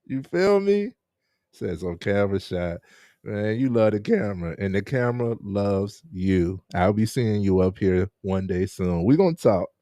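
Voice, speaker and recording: Relaxed man hosting a live chat. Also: fairly low pitch, a little slow, dry recording, studio quality. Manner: laid-back, laughs often, chats with viewers. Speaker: host. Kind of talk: casual live-stream interview.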